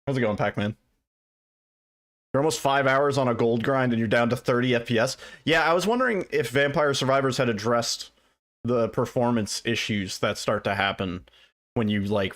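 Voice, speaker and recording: A man, streaming from his desk at home and chatting with his viewers in a relaxed way. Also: mid-range voice, moderate pace. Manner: laid-back, chuckling, greets chat by name. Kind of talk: casual livestream chat with viewers.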